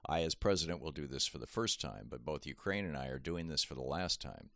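Male commentator, extremely low voice, reads his essay aloud with emphasis, dry booth sound. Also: animated, bright, forceful tone, dry recording. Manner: measured, emphatic reading with pointed asides. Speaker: commentator reading his own article. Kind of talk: read-aloud political essay.

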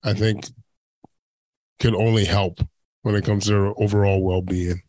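A man hosting a casual conversation, speaking in a halting, reflective way. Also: lowish voice, little pitch movement, warm tone, no echo.

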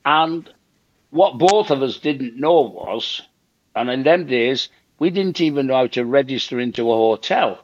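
A man's voice: medium pitch, measured pace, dry recording. Older man, emphatic storyteller, muffled lo-fi sound, dry close room. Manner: animated anecdote teller, repeats himself for emphasis, acts out quotes. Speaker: guest comedian. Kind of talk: storytelling in casual chat.

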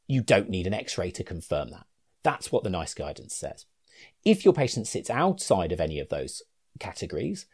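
A man's voice: lowish voice, darkish tone, husky. A man explaining clinical guidance to fellow clinicians in a reasoned, conversational way with asides. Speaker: clinician educator.

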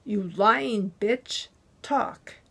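Casting: woman playing a savage, scarred male henchman, snarling and shouting threats in a thriller audiobook. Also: mid-range voice, drawn-out words, vocal fry, breathy edge, exaggerated voice. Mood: savage rage. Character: brutal scarred male thug, violent.

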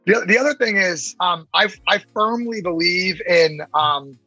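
A man with a bright, forceful and slightly husky voice talks in a lively interview. He moves fast, acting out quoted voices along the way. His voice sounds dry and close, with faint music behind it. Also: sits high, no room sound, highs cut off. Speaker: investor and podcast guest. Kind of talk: casual interview talk.

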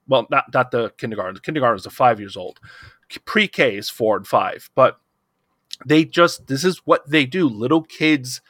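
A man's voice: mid-range voice, fairly bright tone, dry recording, clean studio sound. A middle-aged man co-hosting a podcast, talking in a casual roundtable discussion, impassioned and rambling with restarts. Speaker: podcast co-host.

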